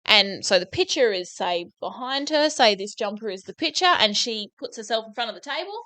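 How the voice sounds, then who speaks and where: A woman co-hosting a podcast, ranting in an animated, sweary way during casual chat. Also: fairly high pitch, brisk, no room sound. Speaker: podcast co-host.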